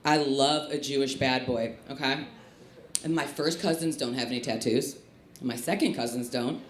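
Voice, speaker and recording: A woman from the Chicago area doing a stand-up comedy set on a club stage, with a punchy, lively delivery. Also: extremely low pitch, moderate pace, slight background noise. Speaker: stand-up comic. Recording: live club with echo and crowd laughter. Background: laughing audience.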